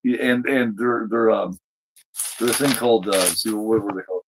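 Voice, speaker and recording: A man's voice: fairly low pitch, steady tone, moderate pace, noisy background. Rambling man recapping an episode. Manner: rambling, many fillers and restarts. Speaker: podcast co-host reviewing a TV episode.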